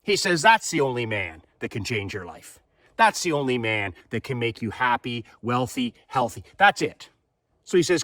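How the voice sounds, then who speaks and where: A man's voice: medium pitch, big pitch swings, normal speed, a bit bright, no echo, studio quality. A man in his fifties giving a fervent motivational monologue, firing rhetorical questions and repeating his points. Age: 50s. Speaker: motivational speaker.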